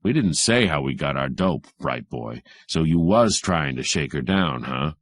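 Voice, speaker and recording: A man voicing a big, gruff police detective who bullies in tough slang, with a low voice. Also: expressive, a little slow, no room sound, clean studio sound, full character voice. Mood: menacing.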